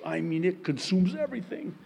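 A man preaching a sermon as pastor, telling the story in an animated way and acting out the voices of the people in it. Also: high voice, brisk, gravelly, slightly rough. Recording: long hall reverb.

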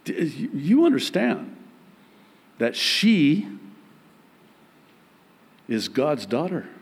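A pastor in his forties preaching a sermon in a church, emphatic and joking, with big swings in pitch. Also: wildly swooping pitch, very slow, breathy edge.

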